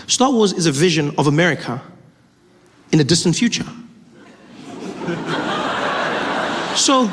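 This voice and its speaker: Male stand-up comic, high voice, animated storyteller who acts out characters, faint room noise. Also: a little slow. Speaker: stand-up comedian. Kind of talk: stand-up comedy routine. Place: live comedy show on stage.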